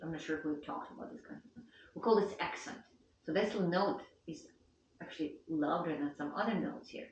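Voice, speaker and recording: A woman's voice: sits low, brisk, muffled recording, slight background noise. Patient woman teaching piano, echoey and distant. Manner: patient, counts beats aloud loudly. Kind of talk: one-on-one piano lesson. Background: piano playing.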